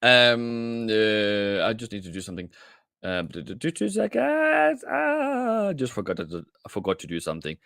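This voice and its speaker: A man's voice: on the low side, steady tone, fairly quick, bright, forceful tone, clean tone, no echo, studio quality. A man hosting a casual live trading stream, chatting directly with viewers and calling them mate and brother. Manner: chatty, addresses viewers directly, many restarts.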